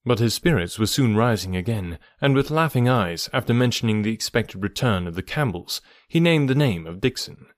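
A man narrating a classic novel as an audiobook, measured and even, close to the mic. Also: lowish voice, dry recording. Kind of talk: scripted narration.

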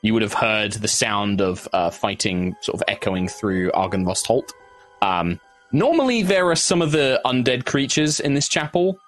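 A man running a tabletop game, describing scenes to the players in a rambling, stop-start way. His voice sits on the low side, and quiet music plays underneath. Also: expressive. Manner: meandering, halting, fond of fillers. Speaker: game master.

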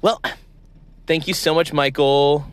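A man's voice: fairly high pitch, steady tone, slow, clean tone. Man doing a ditzy valley-girl crypto bro, like-this like-that, bro every line. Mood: airheaded. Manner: valley girl slang, says like and bro constantly. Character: parody of a crypto investor, valley-girl talk. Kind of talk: comedy sketch impression.

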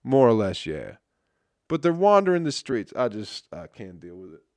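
A man's voice: mid-range voice, very animated, moderate pace, darkish tone, no echo. A man hosting a podcast, ranting with constant swearing and laughing at his own jokes, his throat dry. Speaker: podcast host. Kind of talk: profane comedic rant.

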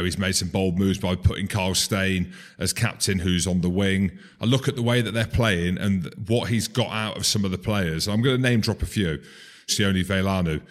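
A low-voiced man chatting about rugby on a podcast. He talks casually and mocks himself now and then. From Scotland. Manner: chatty, self-mocking, name-dropping. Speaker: podcast co-host.

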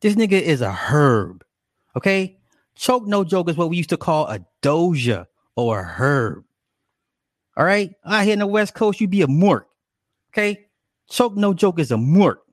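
A man's voice: on the high side, sing-song, a little slow, no echo, clean studio sound. A man giving profane, mocking reaction commentary, stretching words out for emphasis.

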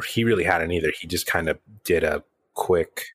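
Male co-host, deep voice, dry close sound, rambling casual talk. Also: normal speed, fairly bright tone, slightly rough, dry recording. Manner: rambling, many restarts and fillers. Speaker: podcast co-host and game master. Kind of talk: casual chat.

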